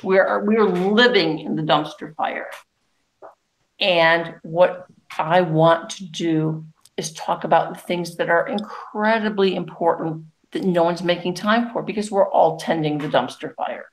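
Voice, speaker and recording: A woman with a low voice talks slowly and deliberately, leaning on her words with emphatic pauses. She explains her plans in a casual podcast conversation. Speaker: podcast guest. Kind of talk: casual chat.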